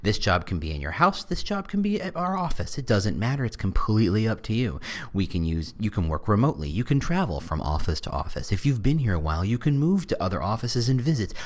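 A man playing an overeager male recruiter who gives a slow, deep, salesy hard sell for a job. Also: big pitch swings. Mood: gushing.

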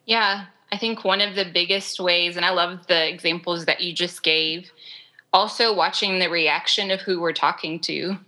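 A woman's voice: fairly low pitch, steady tone, normal speed, bright, forceful tone, poor audio. A woman speaking as a guest in a conversational podcast interview, explaining in an earnest way with lots of "like" and "um". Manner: earnest, explanatory, filler-heavy with "like" and "um". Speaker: guest expert on restorative practice.

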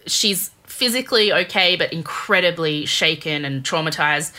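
Chatty woman telling a crime story, kinda low voice but bright and forceful. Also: normal speed. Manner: chatty, animated, lots of "like" fillers. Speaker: podcast co-host telling a true crime story. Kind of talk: casual chat storytelling.

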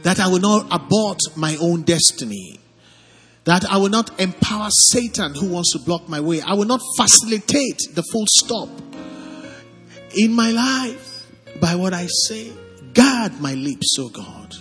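Man, Nigerian accent, pastor, preaching, urges the crowd to reply, high bright voice, long hall reverb. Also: unhurried. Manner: animated, calls on congregation to respond. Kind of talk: sermon with prayer. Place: church service hall. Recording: long hall reverb, faint music behind.

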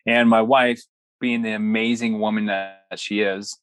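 A young man, a guest in an interview, telling a personal story with earnest, animated delivery and quoted dialogue. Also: lowish voice, a little slow, no echo.

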